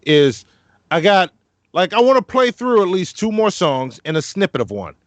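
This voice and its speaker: A man's voice: high voice, big pitch swings, normal speed. A man hosting a podcast in loose, profane chat, fumbling as he cues up clips. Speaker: podcast host.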